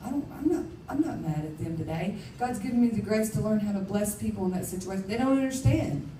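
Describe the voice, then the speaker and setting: A woman preaches her personal testimony with candid, emphatic energy, laughing at herself along the way. Her voice is mellow and warm. She sits back from the microphone in a big echoing conference hall. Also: medium pitch, lively intonation, fast talker, slight background noise. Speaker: conference speaker. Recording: roomy hall, speaker far from mic.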